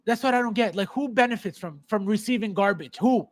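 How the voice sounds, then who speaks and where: A man's voice: high-pitched, animated, a little fast. A man hosting a collector's live show, ranting heatedly and sarcastically at viewers, repeating himself in exasperation. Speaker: podcast host. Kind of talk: live stream chat with viewers.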